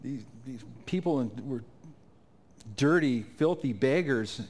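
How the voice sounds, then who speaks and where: A man telling an emotional personal testimony in a sermon at a conference, his voice climbing high and loud at the peaks. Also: lively intonation, takes it slowly. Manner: emotional storytelling, rising to near-shouts at climaxes. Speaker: conference speaker. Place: conference stage.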